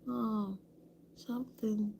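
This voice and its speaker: A woman's voice: medium pitch, fairly even intonation, takes it slowly, gravelly, warm tone, slight background noise. A woman vlogger telling a story in a candid, rambling way, often dropping to a whisper. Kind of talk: casual storytelling to camera.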